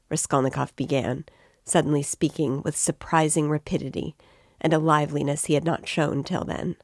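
Gravelly-voiced woman reading a novel aloud. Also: sits low, level tone, normal speed, a little mellow, no echo, studio quality. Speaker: reader and guide.

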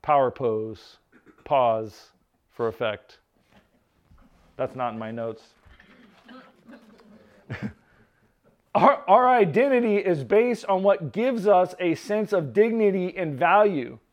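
A man's voice: high-pitched, slow pace, pauses often. A male pastor preaching a sermon in a conversational way who often checks in with "right?" and drops joking asides. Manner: conversational, tags points with "right?", jokes aside.

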